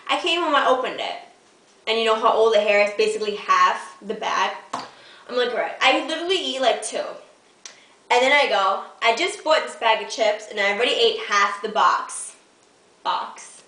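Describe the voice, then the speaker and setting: A teenage girl chats to her camera at home, hyper and giggly, poking fun at herself. Her voice is fairly high and bright with a sharp edge. She sits back from the camera mic in an echoey room. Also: animated, normal speed, far from the mic. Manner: hyper, giggly, self-mocking. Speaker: vlogger. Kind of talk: casual storytelling to camera.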